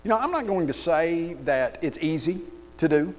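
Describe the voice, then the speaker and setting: A man preaching in a church hall, his slightly high voice trailing off into a long reverb. He tells his points as animated, sarcastic stories. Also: moderate pace. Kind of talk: sermon. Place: church auditorium.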